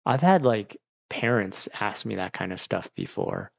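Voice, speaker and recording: A man's voice: on the low side, sing-song, unhurried, vocal fry, breathy edge, dry recording. A man, an art teacher, chatting casually on a livestream, joking and swearing as he rants. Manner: profane, ranting, joking. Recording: dull lo-fi stream audio, dry.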